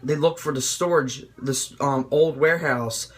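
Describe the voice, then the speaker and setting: A young man excitedly reviewing a movie in an informal, rambling way, swearing freely. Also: fairly high pitch, measured pace, husky. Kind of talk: casual video review.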